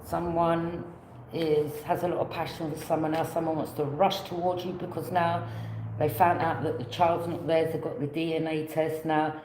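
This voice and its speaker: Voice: medium pitch, flat delivery, moderate pace, darkish tone, reverberant, a little hiss or hum, low-quality recording. A tarot reader giving a casual reading, rambling, repeating phrases and offering loose alternatives.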